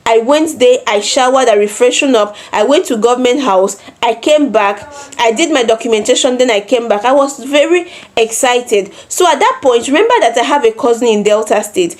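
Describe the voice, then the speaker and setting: High-voiced Nigerian woman telling a story. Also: normal speed. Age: 20s. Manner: animated storytelling with repeated phrases and voiced quotes. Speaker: vlogger. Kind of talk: personal storytelling vlog.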